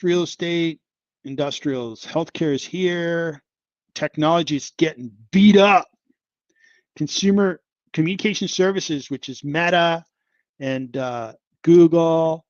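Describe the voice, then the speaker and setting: A man's voice: a little high, no room sound, highs cut off. A man hosting a casual investing livestream, chatting about stocks and sighing and exclaiming over a falling market. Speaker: investing channel host.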